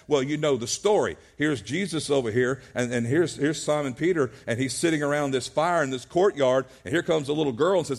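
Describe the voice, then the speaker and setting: A man's voice: fairly high pitch, brisk, few pauses. A male pastor preaching a sermon at a church service, earnest, often restarting his words.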